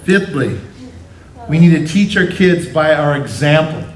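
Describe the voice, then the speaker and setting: Speaking a little slowly in an animated, slightly high voice, a middle-aged pastor preaches to his congregation. His sermon includes family stories, playful asides, and voices he acts out, all heard from a distance in a roomy church sanctuary.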